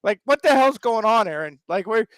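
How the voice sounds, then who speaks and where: A man's voice: high voice, lively intonation, moderate pace, a bit bright, clean tone, dry recording, rough recording. A man from the American South, a regular on a sports talk show, ranting with mocking, exasperated wisecracks. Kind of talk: sarcastic sports talk rant.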